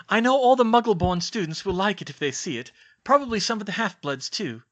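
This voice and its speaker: A man's voice: sits high, big pitch swings, moderate pace, fairly bright tone, pitched above the performer's own voice. A man reading an audiobook and voicing an earnest, kind teenage schoolgirl. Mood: worried.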